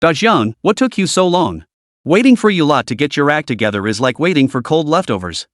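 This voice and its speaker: A man voicing a ruthless young man who speaks calmly and mockingly. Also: on the high side, a little fast, dry recording, studio quality. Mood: cold. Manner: calm, mocking. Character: cold ruthless young man toying with enemy.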